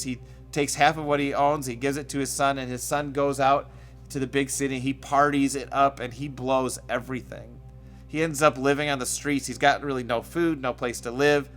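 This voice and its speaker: A man preaching a sermon in a conversational way, sometimes acting out quoted voices with sudden loud bursts. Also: medium pitch. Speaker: pastor. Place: church stage.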